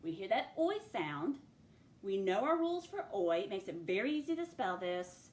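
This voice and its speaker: A woman's voice: mid-range voice, very animated. A woman teaching a phonics spelling lesson, stretching out each sound of a word as she dictates it. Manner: slow, stretched sounding-out of words. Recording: echoey room with faint ambience.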